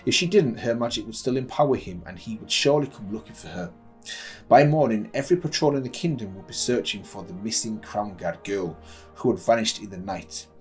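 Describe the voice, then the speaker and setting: A man's voice: on the low side, lively intonation, a little fast, soft background music. A man hosting a reaction channel, reading a story aloud and breaking off for casual, enthusiastic asides.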